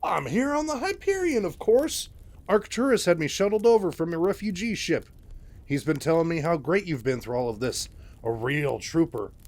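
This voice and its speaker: A man voicing a slick, flattering middle-aged male news boss in a game-lore retelling. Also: on the high side, moderate pace, pitched above the performer's own voice. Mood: gushing.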